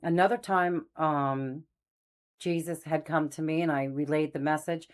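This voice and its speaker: A woman's voice: low-pitched, fairly even intonation, a little slow. A middle-aged woman hosting a faith channel, telling her story in a casual, meandering way and losing her train of thought. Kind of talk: casual spoken testimony.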